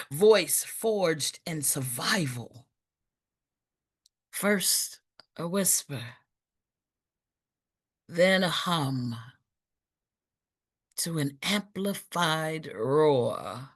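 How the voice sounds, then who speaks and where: A woman poet performing spoken word at an open mic, with a measured, rhythmic delivery and dramatic pauses, then chatting warmly about her piece. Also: deep voice, expressive. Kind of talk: spoken word poetry reading.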